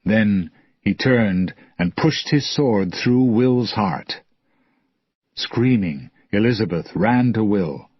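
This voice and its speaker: Man, slow deliberate story narration, husky, lowish voice, dull lo-fi sound. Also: expressive, dry recording. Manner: clear, deliberate.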